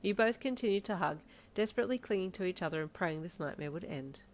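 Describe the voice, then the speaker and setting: A woman narrating a second-person fanfiction story in a steady, emotive way. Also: fairly low pitch, fast, a little hiss or hum.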